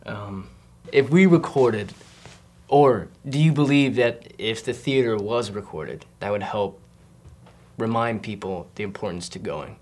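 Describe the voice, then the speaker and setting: A young man interviewing, soft-spoken and attentive, asking questions with short affirmations. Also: fairly low pitch, measured pace. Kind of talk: interview conversation.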